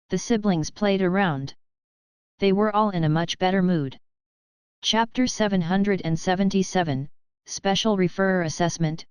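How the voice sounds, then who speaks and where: A woman narrating a novel audiobook in a steady, even reading on a close mic. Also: on the low side, clear, resonant tone, no echo, lo-fi sound. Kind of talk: scripted narration.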